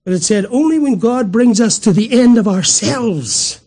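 Man, very high voice, preacher, sermon, emphatic, rhetorical questions. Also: lively intonation, normal speed, mellow, slightly rough.

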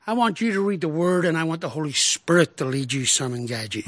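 A man preaching a sermon as pastor, expressive, with rhetorical questions, swinging from emphatic lines to hushed ones. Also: a little high, quick pace, no echo.

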